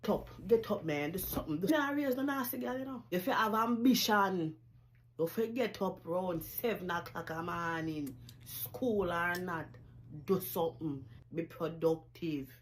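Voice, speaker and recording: A woman playing a scornful Jamaican mother who briskly and sarcastically scolds her lazy child. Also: fairly low pitch, slight background noise, close to an everyday voice. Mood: scolding.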